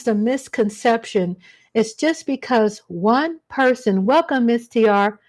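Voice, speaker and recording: A woman's voice: on the high side, lively intonation, takes it slowly, a little mellow. A woman hosting a casual livestream, rambling chattily and greeting viewers by name as she talks. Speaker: livestream host. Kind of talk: casual live-chat monologue.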